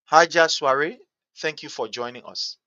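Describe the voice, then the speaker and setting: Fired up about politics, this Liberian English-accented talk host hammers his points over and over until he's shouting. His voice is high, bright and cutting, a little slow, recorded close and dry with no room sound, though the recording is muffled.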